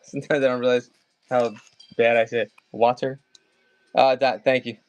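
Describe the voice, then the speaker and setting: A man's voice: mid-range voice, level tone, clean tone. Chatty Maryland man running a live auction. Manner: chatty, rambling, calls bids fast. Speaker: livestream seller. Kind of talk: casual live auction chat.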